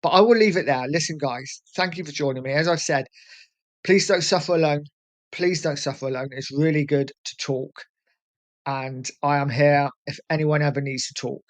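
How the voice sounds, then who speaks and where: A man's voice: on the high side, normal speed. A man in his forties from England, hosting a fan channel and talking candidly and earnestly to his viewers, often repeating "listen". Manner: earnest, heartfelt and repetitive, often saying "listen". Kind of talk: candid vlog talk.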